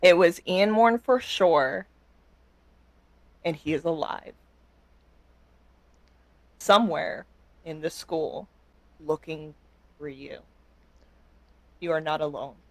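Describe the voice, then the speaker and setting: Slow, deliberate game master. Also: medium pitch, no echo. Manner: slow, deliberate scene-setting narration. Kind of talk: narrating a tabletop game.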